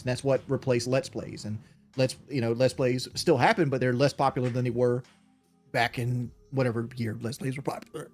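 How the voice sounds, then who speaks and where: A man's voice: medium pitch, darkish tone. A man with a Southern US accent, rambling casually on a late-night call and swearing now and then.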